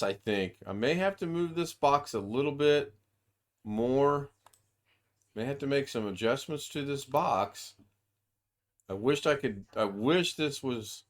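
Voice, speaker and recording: A man giving a casual screen-share tutorial over a video call, thinking aloud as he goes and rambling with frequent restarts. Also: mid-range voice. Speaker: software demonstrator.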